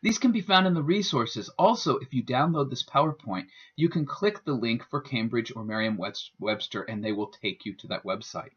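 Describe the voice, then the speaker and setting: Husky man narrating a pronunciation lesson. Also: medium pitch, expressive, normal speed, hardly any pauses, fairly bright tone. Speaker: student presenter. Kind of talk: scripted instructional narration. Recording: dull lo-fi voice-over.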